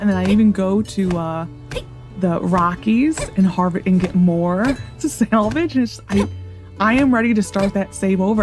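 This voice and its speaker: A woman hosting a casual let's-play video, chatting in a rambling way and laughing often. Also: mid-range voice. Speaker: gaming video host.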